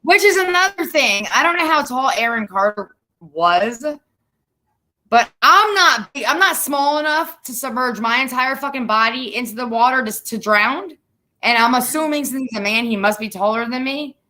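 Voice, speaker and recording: A woman's voice: sits high, animated, normal speed, sharp tone. A young woman hosting a casual chat, telling stories bluntly with plenty of swearing. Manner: profane, blunt storytelling. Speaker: podcast host.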